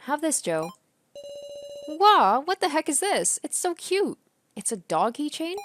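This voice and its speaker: A woman's voice: high voice, very animated, unhurried, a bit bright, a little hiss or hum, pitched above the performer's own voice, exaggerated voice. A woman voicing a young schoolgirl heroine who pleads earnestly. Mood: friendly.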